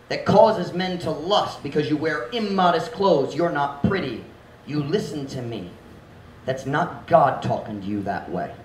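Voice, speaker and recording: A male pastor preaching a sermon, mixing in Visayan phrases, swinging between loud, forceful shouts and hushed, earnest passages. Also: fairly high pitch, a little hiss or hum. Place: church hall. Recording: echoey hall, mic at a distance.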